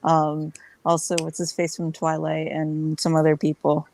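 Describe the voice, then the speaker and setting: A woman chatting casually as a guest on a livestream, telling a relaxed, joking story. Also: low voice, unhurried, gravelly, a little hiss or hum, low-quality recording.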